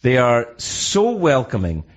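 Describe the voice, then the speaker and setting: A middle-aged Scottish man hosts a radio show, and his pitch rises and falls a great deal as he rambles from joke to joke. His speech is loose and jokey, with swearing thrown in. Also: wildly swooping pitch, slow pace. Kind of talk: casual comedic chat.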